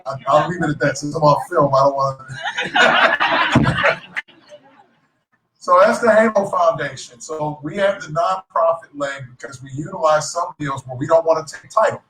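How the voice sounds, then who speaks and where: A man's voice: a little high, fairly quick, few pauses, noisy background. A man giving a joking, motivational talk to a live audience at a business event. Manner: lively, joking, self-described clown. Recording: echoey hall, voice from a distance.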